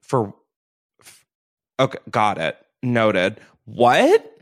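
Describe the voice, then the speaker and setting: A man's voice: lowish voice, wildly swooping pitch, drawn-out words. A young man hosting a podcast, chatting casually in a rambling way and laughing often. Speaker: podcast host. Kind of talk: casual chat.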